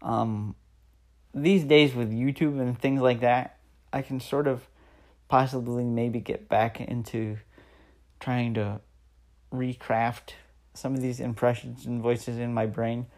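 Speaking slowly in a steady, slightly mellow mid-range voice, a man in his thirties hosts a solo podcast meant to motivate. He encourages listeners earnestly and leans on repeated phrases for emphasis.

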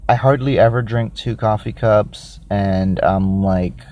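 A man hosting a casual solo podcast who rambles, thinks out loud and makes crude, self-mocking jokes while reviewing a drink. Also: fairly low pitch, steady tone, a little slow, a little hiss or hum. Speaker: podcast host.

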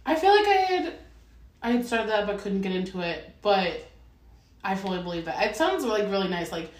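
A woman co-hosting a casual chat, animated and swearing often, with lots of "like" fillers. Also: mid-range voice, normal speed. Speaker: podcast co-host. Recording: roomy echo, a bit far from the mic.

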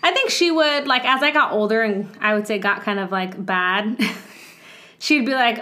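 A woman's voice: a little high, normal speed, bright, forceful tone. A woman in her thirties in casual chat as a podcast co-host, talking with lots of "like" and acting out quoted voices. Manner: chatty, full of "like", acts out quoted voices.

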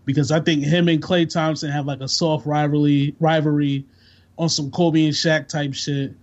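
A man's voice: a little high, level tone, moderate pace. A man chatting casually about sports on a podcast, laid-back and slangy, rambling from one thought to the next. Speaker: podcast co-host. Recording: dull lo-fi sound.

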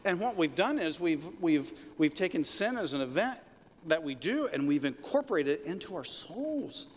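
A pastor preaching a sermon in a conversational way, rising to emphatic peaks, in a church sanctuary. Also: male voice, a little high, sing-song, normal speed. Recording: long reverb of a large hall.

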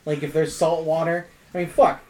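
A man's voice: a little high, flat delivery, moderate pace, a loud crowd. A man co-hosting a podcast in casual chat, joking and swearing freely. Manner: joking, profane, does silly voices. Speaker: podcast co-host. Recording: roomy, distant from the mic.

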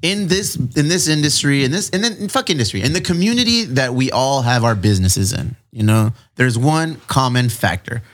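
A man with hosts a casual podcast, swearing freely and circling back over his own phrases. His pitch jumps around a lot as he talks, at an ordinary middle height. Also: fairly quick, hardly any pauses. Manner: animated, profane, repeats phrases for emphasis. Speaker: podcast host.

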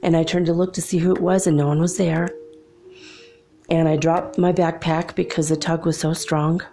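A woman's voice: low voice, level tone, normal speed, dark tone, faint music behind. A young adult woman telling a personal story in a casual, chatty way, laughing often between remarks.

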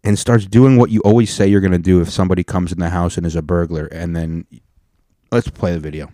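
Low-voiced man riffing on podcast. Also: fast talker, no room sound, clean studio sound. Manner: animated storytelling, swearing, acting out people. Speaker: podcast host. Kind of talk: casual reaction commentary.

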